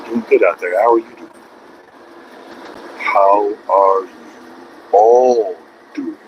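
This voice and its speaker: A man's voice: fairly low pitch, slow pace, highs cut off, background noise. Chatty man vlogging from his truck. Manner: chatty, rants at other drivers. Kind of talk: casual driving vlog. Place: truck cab on the highway.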